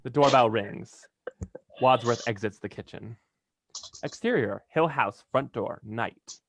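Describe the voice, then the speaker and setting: A man's voice: mid-range voice, slow pace, creaky. A man reading stage directions aloud in a plain, straightforward way, sometimes stumbling over a word. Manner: plain, occasionally stumbling and laughing.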